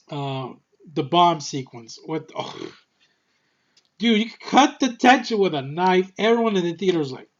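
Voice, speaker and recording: A young man giving a rambling, excitable movie review, a little short of breath and swearing freely. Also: fairly high pitch, muffled recording. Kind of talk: casual movie review monologue.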